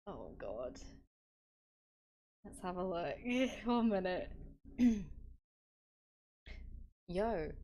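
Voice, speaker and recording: A woman's voice: lowish voice, sing-song, drawn-out words, pauses often, warm tone. Giggly flustered woman streamer. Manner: flustered, giggly, repeats herself. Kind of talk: casual live-stream chat.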